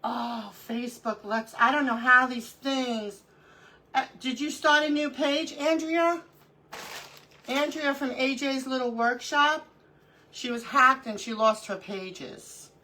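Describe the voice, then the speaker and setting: Middle-aged woman, craft stream host, lively laughing storyteller, bright tense voice, a bit high. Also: slow pace, poor audio. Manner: animated storyteller, laughs often. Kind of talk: casual chat during a live crafting stream.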